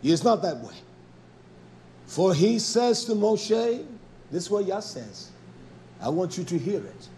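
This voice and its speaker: A man delivers a fiery sermon in a strikingly high voice that leaps up and down with animated swings. He scolds and confronts his listeners, hammering them with rhetorical questions. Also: a little slow, pauses often, a little hiss or hum. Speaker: preacher.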